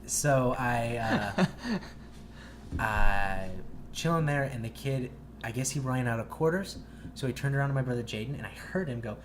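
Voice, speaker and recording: A young man co-hosting a podcast, telling a long story in a rambling, profane, animated way. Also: mid-range voice, moderate pace, a little hiss or hum. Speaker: podcast co-host. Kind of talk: casual storytelling chat.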